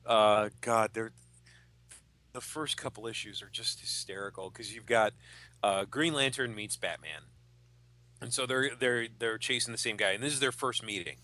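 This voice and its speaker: Podcast host, male, bright and forward voice, lively storyteller who voices the characters. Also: fairly low pitch, moderate pace. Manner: animated storyteller, acts out comic characters' quotes. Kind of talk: casual chat.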